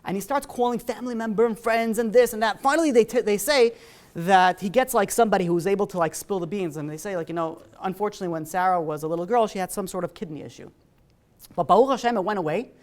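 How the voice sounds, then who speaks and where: A man, a rabbi, telling a story in a sermon in a casual, animated way, full of "you know" and "like". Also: sits high, quick pace.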